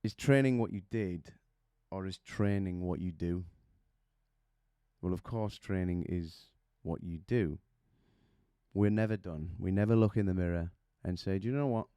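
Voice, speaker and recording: A man's voice: low voice, unhurried, dark tone, smooth, no echo, studio quality. A man coaching singers, explaining vocal technique with images and questions to the listener.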